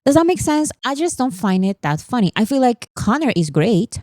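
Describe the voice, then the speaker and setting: A woman's voice: fairly high pitch, sing-song, moderate pace, darkish tone, no room sound. A young woman hosting a vlog, talking through pop-culture news in a chatty, emphatic way. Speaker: vlog host. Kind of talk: casual pop-culture commentary. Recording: dry, no pop filter.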